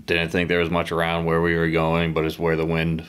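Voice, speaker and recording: A low-pitched man from the northeastern United States recounts a harpooning trip in casual podcast chat. He swears freely and turns animated when he tells the story. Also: brisk, smooth. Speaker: podcast guest, harpoon fisherman. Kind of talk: casual storytelling over beers.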